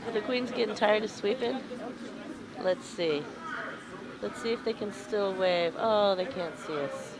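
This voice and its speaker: A woman's voice: medium pitch, unhurried, over a noisy crowd. A woman doing live curling commentary with goofy, giggly banter at a curling club rink.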